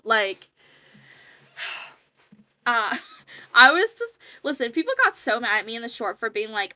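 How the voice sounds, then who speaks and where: A woman's voice: fairly high pitch, lively intonation, moderate pace, pushed and bright, no echo. A young woman casually rambling as she comments over her own gameplay footage, chatty and self-deprecating. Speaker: gaming YouTuber.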